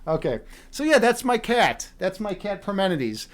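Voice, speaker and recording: A man's voice: high-pitched, sing-song, normal speed. A man hosting a live stream from home, chatting casually and playfully, rambling with many restarts as he talks to viewers. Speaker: livestream meditation host. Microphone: webcam.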